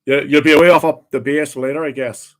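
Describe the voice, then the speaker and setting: A man voicing a gruff cab driver, asking sly, prying questions. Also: a little high, steady tone, fast, natural voice. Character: gruff Northern Irish male cab driver.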